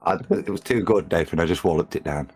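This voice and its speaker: A man with a low, deep voice chats on a live stream. He goes into a lot of detail and thinks aloud as he speaks. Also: fast, darkish tone, husky. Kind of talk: casual live-stream chat.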